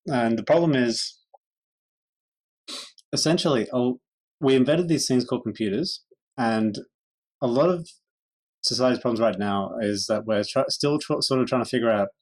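A man's voice: mid-range voice, moderate pace, pauses often, darkish tone, low-quality recording. A man, co-hosting a casual podcast chat and teasing his friends with jokes. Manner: joking, teasing. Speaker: co-host.

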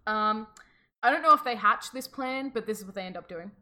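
A woman casually retells an old folk tale to her co-host, full of sarcastic asides. Her voice sits a little high and sounds bright and forward. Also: lively intonation, fairly quick. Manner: playful, jokey, sarcastic asides. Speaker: podcast co-host. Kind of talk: casual storytelling chat.

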